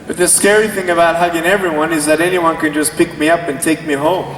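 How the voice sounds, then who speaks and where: A man tells his life story from a stage, playful and acting out the dialogue. His voice sits high and moves unhurriedly. It is heard from far back in a big echoing hall with long reverb and faint noise. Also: little pitch movement, fast. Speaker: motivational speaker. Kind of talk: comic storytelling speech. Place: large convention hall. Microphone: far camera in the audience.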